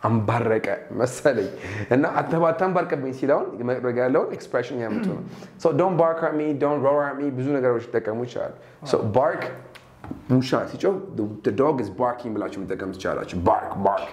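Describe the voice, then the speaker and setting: A man with an Amharic accent teaching English in a lively, conversational way, acting out example phrases. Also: mid-range voice, very fast. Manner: animated, acts out example phrases. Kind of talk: bilingual conversational lesson. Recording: echoey room.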